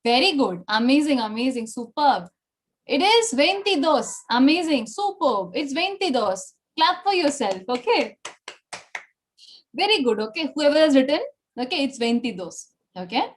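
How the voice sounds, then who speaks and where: A woman's voice: high-pitched, big pitch swings, normal speed. A woman with an Indian English accent teaching an online Spanish class, repeating numbers and praising students often.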